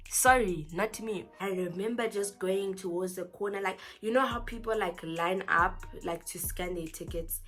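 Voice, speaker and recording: Chatty young South African woman, bright. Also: mid-range voice, normal speed, soft background music. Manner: animated, chatty, heavy use of "like". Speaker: vlogger. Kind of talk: storytime vlog.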